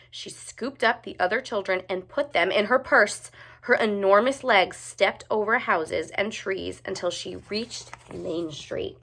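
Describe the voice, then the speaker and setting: A woman reading a picture book aloud with expressive, animated narration. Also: medium pitch, unhurried, vocal fry. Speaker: storyteller.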